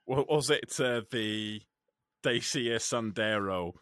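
A man co-hosting a podcast in casual chat, animated, laughing often and swearing freely. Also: medium pitch, slow pace, dry recording, clean studio sound. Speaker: podcast co-host.

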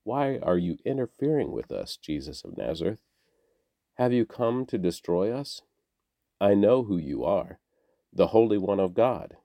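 A man voicing an evil spirit possessing a man, crying out in a shrill, agitated way. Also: very animated, a little slow, creaky, warm tone, no echo, exaggerated voice.

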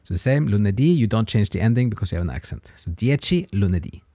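A man teaching a language lesson on a podcast, patient and encouraging, pausing for the listener to practise. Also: fairly low pitch, animated, dark tone, dry recording, clean studio sound.

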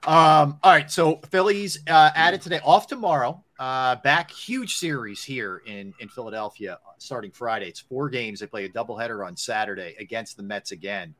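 A man's voice: medium pitch, moderate pace, hardly any pauses, a bit bright. A man hosting a sports talk show, chatting casually and steering toward segments and breaks.

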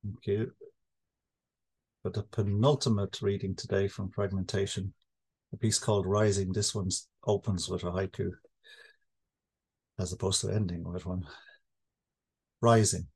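A man reading his poetry aloud at a live event, slow and measured. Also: low voice, level tone, a little mellow, breathy edge. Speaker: poet.

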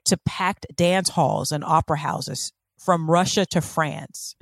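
A woman co-hosting a podcast, telling a history story in a casual, animated way with laughing asides. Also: low-pitched, slow pace, no room sound. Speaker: podcast co-host.

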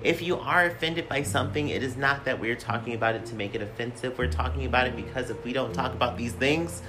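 A man's voice: mid-range voice, fast talker, over music. A man hosting a casual podcast, talking in a sassy, campy and profane way with a somewhat whiny voice. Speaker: podcast host.

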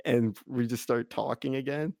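Gravelly young man telling a rambling story. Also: medium pitch, darkish tone, no room sound, clean studio sound. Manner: rambling, full of "like", breaks into laughter. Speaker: podcast co-host. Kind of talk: casual storytelling chat.

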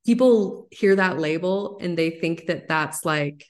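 A woman in her thirties, a psychologist guest on a podcast, explaining ideas in an animated, excited way. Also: on the low side, unhurried. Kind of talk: podcast interview.

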